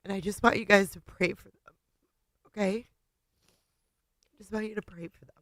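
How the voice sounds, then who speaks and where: A woman hosting a livestream and talking casually to her viewers, tearful, halting and often trailing off quietly. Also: medium pitch, steady tone, no echo. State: tearful, voice breaking. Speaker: livestream host.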